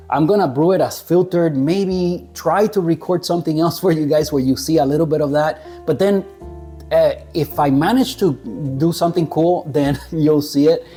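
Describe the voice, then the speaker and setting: Mellow-voiced laid-back man reviewing coffee. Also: a little high. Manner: laid-back, chuckling, stumbles over names. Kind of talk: casual talk to camera.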